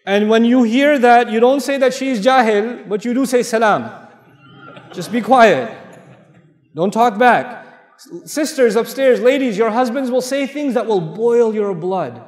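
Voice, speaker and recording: High-voiced man lecturing in an echoey mosque hall. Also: a little slow. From Pakistan. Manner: animated storyteller who acts out dialogue and jokes with the crowd. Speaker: Islamic lecturer. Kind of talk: mosque lecture with personal stories. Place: large mosque hall with audience. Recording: echoey hall with long reverb.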